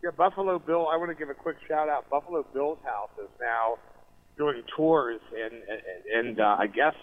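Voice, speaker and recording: A man calling in as a guest on a podcast, talking in a jokey, animated way and often cutting in. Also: mid-range voice, normal speed. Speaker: event co-organizer, guest. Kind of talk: casual podcast conversation. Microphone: phone or call audio. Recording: tinny phone line.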